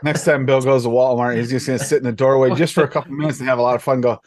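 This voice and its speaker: A man joining a casual livestream chat, full of quick, teasing banter. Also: medium pitch, steady tone, no echo.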